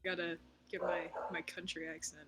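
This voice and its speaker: Young woman player, slightly low voice. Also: little pitch movement, moderate pace. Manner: giggly, self-deprecating. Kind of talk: casual chat while playing. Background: background music.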